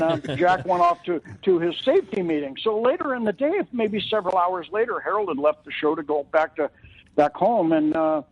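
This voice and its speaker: A man telling a long anecdote on a radio talk show, voicing the quoted lines of the people in it. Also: dry recording. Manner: anecdotal, acts out quoted dialogue with rising pitch. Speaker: charity representative guest. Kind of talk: casual storytelling on radio. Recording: lo-fi radio broadcast audio.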